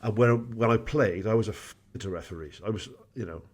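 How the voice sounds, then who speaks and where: A man's voice: on the low side, fairly quick, breathy edge. A middle-aged man co-hosting a casual podcast, telling rambling anecdotes full of restarts. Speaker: podcast co-host and amateur referee.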